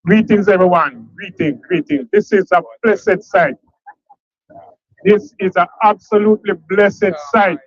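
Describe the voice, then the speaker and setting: A man's voice: high voice, a little slow, no echo, highs cut off. A man with a Jamaican accent giving a speech at an outdoor protest, repeating phrases and quizzing the crowd. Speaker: protest speaker. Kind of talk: rally speech.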